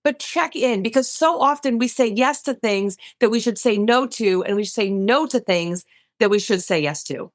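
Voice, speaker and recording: A woman coach talking in an interview, her voice sitting a bit higher than most. She gives advice earnestly and turns to address the listeners directly. The sound is dry, with no room echo. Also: expressive, moderate pace. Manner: earnest, speaks straight to listeners. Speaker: guest coach. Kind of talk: advice-giving interview talk.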